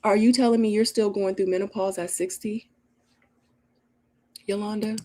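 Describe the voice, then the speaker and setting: A woman's voice: mid-range voice, fairly even intonation, normal speed, mellow. A middle-aged woman hosting a casual live Q&A, reading viewer comments and telling stories in an emphatic, chatty way. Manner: chatty, emphatic, storytelling with acted-out quotes.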